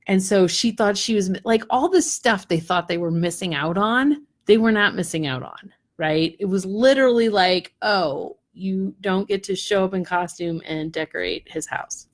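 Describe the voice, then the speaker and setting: A woman's voice: medium pitch, normal speed, few pauses. A middle-aged woman coach telling stories in casual talk to her online community, acting out voices and asking "right?" often. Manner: animated storytelling with acted-out voices and lots of "right?". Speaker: spiritual coach.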